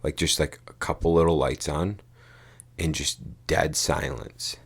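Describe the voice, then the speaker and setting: A man's voice: a bass voice, steady tone, a little slow, vocal fry, slightly rough. A man co-hosting a podcast, telling a rambling story in casual chat, swearing casually and saying "dude" and "like" a lot. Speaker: podcast co-host.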